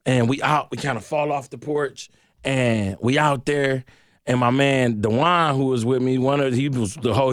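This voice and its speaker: Animated storytelling man from Detroit, dry sound. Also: mid-range voice, no room sound. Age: middle-aged. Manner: animated, slangy storyteller acting out voices. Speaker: guest. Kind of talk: storytelling in a radio interview.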